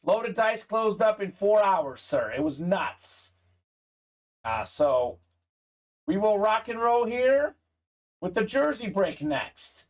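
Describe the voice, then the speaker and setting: A man's voice: sits high, very animated, slow pace, long pauses. A man hosting a live sports memorabilia break, chatting upbeat with viewers, reading their comments aloud and peppering his talk with "uh".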